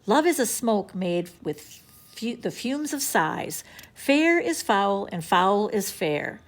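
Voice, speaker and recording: A woman's voice: mid-range voice, very animated, slow pace. A woman doing Andrea, a dramatic schoolgirl. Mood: mournful. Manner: quotes lines theatrically, then cries for help. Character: bookish young schoolgirl, dramatic and sad.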